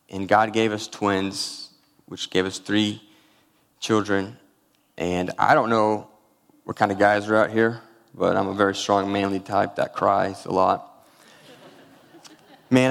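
A man's voice: fairly low pitch, long reverb tail. A man preaching a sermon, telling a personal story with feeling and weaving in scripture. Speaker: pastor.

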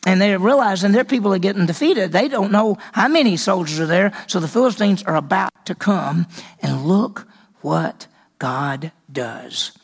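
A man's voice: high voice, animated, a little fast, few pauses. A man teaching a Bible lesson as a sermon, telling the story with animation and acting out the characters' voices.

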